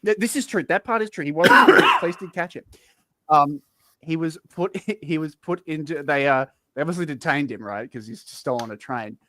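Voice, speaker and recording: Bright-voiced Australian man, mock-grand. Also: fairly high pitch, normal speed. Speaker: podcast guest. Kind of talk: casual chat.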